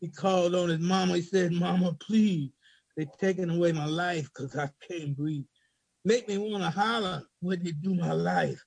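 A man's voice: high voice, steady tone, normal speed, creaky, a little mellow, breathy edge, no room sound, low-quality recording. A man speaking hesitantly about why he wrote a poem, then reciting it aloud in a rhythmic spoken-word delivery. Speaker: poet reading his own poem. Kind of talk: spoken word poetry reading.

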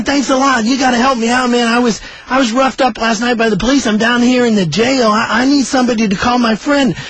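A man's voice: extremely high pitch, fairly bright tone, husky, no echo, voice pushed up, exaggerated voice. A storyteller voicing a desperate young man who phones from jail, pleading and stammering in a rush.

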